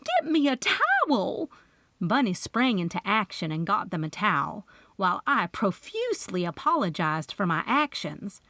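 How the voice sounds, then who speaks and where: A woman narrating a cozy mystery audiobook in first person, expressive and playful. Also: lowish voice, normal speed, no echo. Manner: expressive storytelling with character voices.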